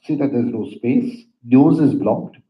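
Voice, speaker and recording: A man teaching a yoga breathing lesson, giving calm instructions with soft pauses and frequent "right?" asides. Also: mid-range voice. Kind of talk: guided breathing lesson with storytelling. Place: yoga center room. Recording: roomy, dull lo-fi hall recording.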